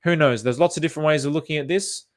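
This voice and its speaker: A man's voice: fairly high pitch, fast. An Australian man chatting casually on a livestream, thinking aloud with lots of fillers and restarts as he reacts to viewer comments. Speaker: crypto chart commentator.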